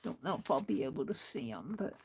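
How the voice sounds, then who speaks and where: A woman's voice: rumbling low, big pitch swings, brisk, a little mellow, a little hiss or hum. A woman hosting an art journaling demonstration, talking to herself as she stitches in a book and getting mildly frustrated. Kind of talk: casual crafting demonstration.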